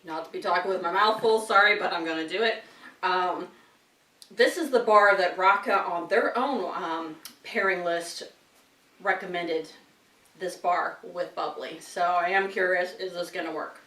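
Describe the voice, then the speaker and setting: Woman host, chatty tasting vlog, lowish voice, roomy sound from a bit off-mic. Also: measured pace, bright, forceful tone. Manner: chatty, talks while chewing, frequent laughs. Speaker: wine and chocolate tasting host. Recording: roomy sound from some distance.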